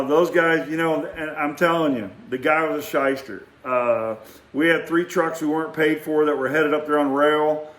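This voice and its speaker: A middle-aged man telling a rambling, animated story in a casual way and acting out quotes. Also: fairly high pitch, echoey room. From Texas. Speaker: vlogger.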